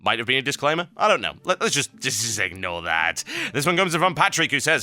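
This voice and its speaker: A man's voice: mid-range voice, sing-song, fairly quick, bright, forceful tone, dry recording. A man hosting a gaming news show, commenting on reader submissions in an emphatic, ranting way.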